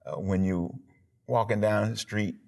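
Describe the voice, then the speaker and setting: A deep, heavily gravelly man talks with punchy emphasis. He tells his story in a lively, animated way and acts out moments with sound effects. He speaks as a pastor sitting for a TV interview. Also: measured pace. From Alabama, USA. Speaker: pastor and former football player.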